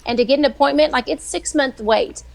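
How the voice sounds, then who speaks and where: A middle-aged woman, a weekly guest who writes devotionals, telling faith stories in a chatty, animated way. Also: high voice, a little fast, vocal fry. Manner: chatty, animated, acts out quoted voices. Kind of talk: casual faith storytelling on a live show.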